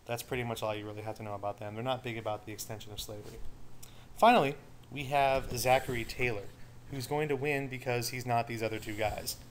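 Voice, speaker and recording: Guy teaching history, chatty lecture w/ little jokes, mid pitch voice. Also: steady tone, fast, a little hiss or hum. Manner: casual, joking asides to students. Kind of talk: recorded study-guide lecture.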